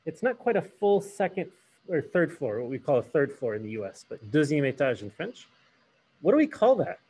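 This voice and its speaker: Man, French teacher, classroom lesson, mixes English and French, slightly high voice, quizzes the class. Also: sing-song, moderate pace, a little mellow, husky. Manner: switches between English and French, asks the class questions.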